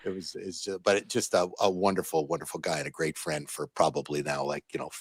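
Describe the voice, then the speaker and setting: A man in his sixties telling stories as an interview guest, animated, with many restarts and fillers. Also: a bass voice, fast, breathy edge, dry recording. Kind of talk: casual interview storytelling.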